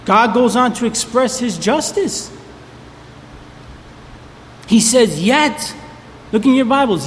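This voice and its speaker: Male pastor, emphatic sermon delivery, high voice, hall reverb, faint background hiss. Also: lively intonation, slow, long pauses. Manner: emphatic, repeats key words for stress.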